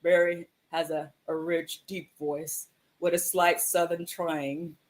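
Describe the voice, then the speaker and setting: Slow and flat in delivery, a woman with a fairly low, slightly mellow voice hosts a livestream mindfulness show. She talks casually with viewers, affectionate and encouraging, and calls them "my love" and "sis."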